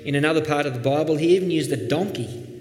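A man preaching a sermon as pastor, earnest, dropping soft and then rising with emphasis. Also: a little high, quick pace, soft background music. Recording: echoey hall, faint background noise.

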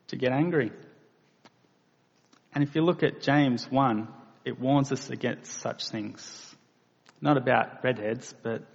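A man delivers a sermon at an unhurried, measured pace, his voice gravelly with a touch of fry. He rises into emphatic bursts on key points. The recording is dull and lo-fi, with a long reverb tail as if in a large hall. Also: mid-range voice. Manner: slow, deliberate preaching with emphatic bursts. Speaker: preacher.

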